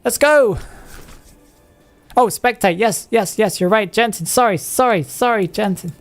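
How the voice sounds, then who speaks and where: A man's voice: high-pitched, unhurried, soft background music. A man streaming live game commentary, chatty and casual, putting on a playful made-up accent and rolling his R's. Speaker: streamer commentating viewers' matches.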